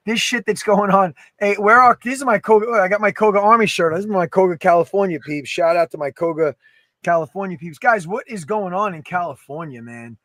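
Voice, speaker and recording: Man, podcast co-host, high voice, emphatic, swears a lot, dry close mic. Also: fairly quick, no room sound. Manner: animated, emphatic, swears freely. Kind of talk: casual chat.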